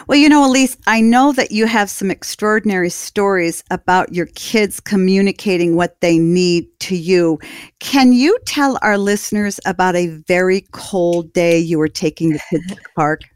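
A woman's voice: mid-range voice, moderate pace, clean tone, no room sound, studio quality. A woman hosting an interview, often affirming her guest and asking her for stories. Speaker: podcast host.

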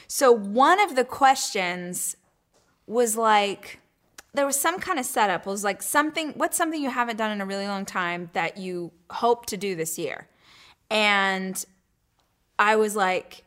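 A woman in her thirties hosting her own talk show, telling a personal story in a chatty way with quick asides and laughs. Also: mid-range voice, animated, fairly bright tone. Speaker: host. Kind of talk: casual chat.

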